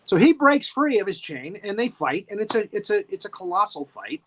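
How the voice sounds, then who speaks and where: A man co-hosting a podcast, recapping a monster movie in a lively way, laughing often and acting out the scenes. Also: sits high, a little fast, slight background noise. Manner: animated, laughing, acts out scenes. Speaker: podcast co-host.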